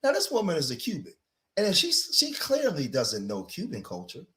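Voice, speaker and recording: This is a casual reaction commentary from a high-voiced man hosting and responding to clips. Speaking at an ordinary speed, he stays lively, addresses the audience as "y'all," and now and then breaks into loud, emphatic bursts.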